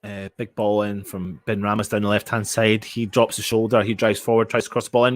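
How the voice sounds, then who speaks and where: A young man giving excitable, emotional fan play-by-play during a live match watchalong. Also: on the low side, a little fast, hardly any pauses, noisy background. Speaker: fan commentator.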